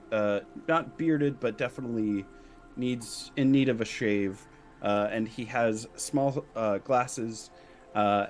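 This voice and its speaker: Low-voiced man narrating as game master. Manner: halting, lots of fillers and restarts while describing scenes.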